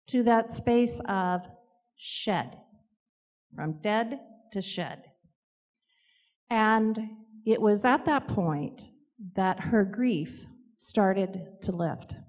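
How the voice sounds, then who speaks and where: A woman speaks slowly in a reflective storytelling manner, often pausing and hesitating between thoughts. Her voice sits at a middle pitch. A long reverb trails behind each phrase. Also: darkish tone. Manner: measured, with hesitant pauses and fillers. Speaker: author speaking about grief and spirit visits.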